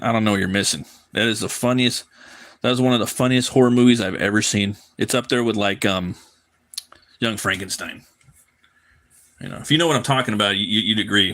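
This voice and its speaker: A man's voice: mid-range voice, fairly bright tone. A man chatting casually on a live drawing stream, loose and profane, often repeating his words as he rambles. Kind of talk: casual chat while drawing.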